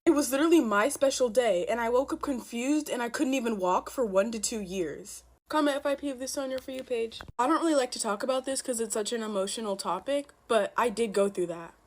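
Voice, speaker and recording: A woman with a fairly high voice speaks into her phone in a mock-serious, deadpan storytime delivery. She plays up the drama in every line. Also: fairly quick, hardly any pauses. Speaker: storytime creator. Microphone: phone camera.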